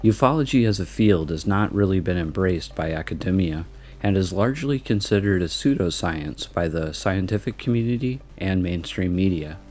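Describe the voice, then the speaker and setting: A man reading scripted documentary narration in a measured, even way. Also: low voice.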